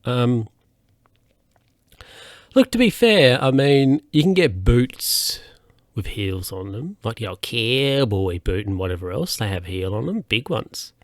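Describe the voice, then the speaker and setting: A man's voice: medium pitch, big pitch swings, slow pace, dry recording, clean studio sound. A man hosting a solo podcast, telling stories in a rambling, hesitant way with lots of fillers and restarts. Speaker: podcast host.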